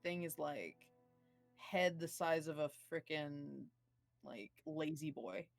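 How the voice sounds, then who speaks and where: A woman's voice: low voice, takes it slowly, gravelly, dry recording, soft background music. A woman running a tabletop game as dungeon master, narrating in a rambling way with many fillers. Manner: rambling, full of fillers and laughs.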